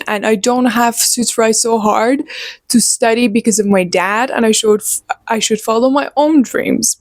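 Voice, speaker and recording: Young woman in her twenties, book vlogger, casual and opinionated, higher voice, unhurried, dry close sound. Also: no room sound. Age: 20s. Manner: animated, opinionated, talks to viewers directly. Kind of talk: casual chat.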